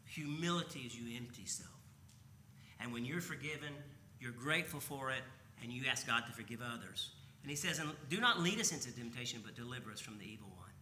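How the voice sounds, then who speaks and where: In a church sanctuary, a man preaches a conversational sermon, frequently posing rhetorical questions to his listeners. His medium-pitched voice has a sharp tone, and the room is echoey with slight background noise.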